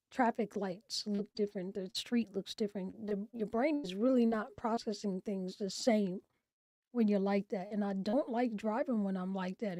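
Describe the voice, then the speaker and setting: A woman's voice: mid-range voice, dry recording. A middle-aged woman hosting a mental health talk, candidly telling a personal story in a reflective way. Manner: candid, reflective, with soft trailing asides. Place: home.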